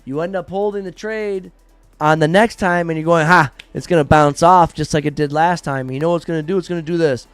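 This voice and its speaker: A man hosting a live trading stream, explaining trades in a blunt, profane, animated way and acting out traders' reactions. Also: a little high, brisk, clean tone, no echo, soft background music. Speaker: trading livestream host.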